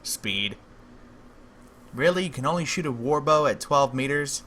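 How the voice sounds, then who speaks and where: A man's voice: mid-range voice, normal speed, sharp tone, slight background noise. Wry, joking man streaming a game. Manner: jokey, wry asides. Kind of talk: livestream gameplay commentary, reading game text aloud.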